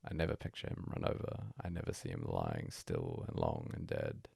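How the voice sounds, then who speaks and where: A man reading a bedtime story aloud as a hushed, breathy first-person monologue. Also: extremely low pitch, very animated, normal speed, no echo, studio quality. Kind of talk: soft-spoken story reading.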